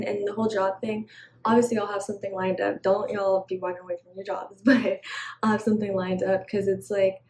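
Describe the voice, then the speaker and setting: A woman's voice: medium pitch, darkish tone, slight background noise. A woman giving casual advice straight to camera, chatty and slangy, often laughing, on a poor-quality recording. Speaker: vlogger.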